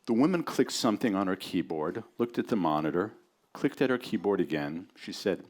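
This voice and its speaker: A man introducing a friend and then reading his story aloud to a live audience, in a relaxed, conversational and dry way. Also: sits low, brisk, some chatter behind.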